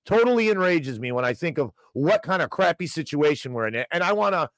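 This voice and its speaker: A man's voice: on the high side, animated, fairly quick, no room sound. A man hosting an opinionated financial news show, reading headlines aloud and ranting sarcastically about them. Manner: ranting, sarcastic, rises loud when angry.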